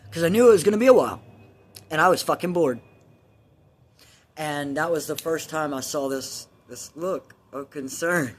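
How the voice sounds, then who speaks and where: A man's voice: a little high, normal speed, pauses often, husky. A man telling a long personal story from his childhood in a casual, rambling way, swearing freely and laughing at his own telling.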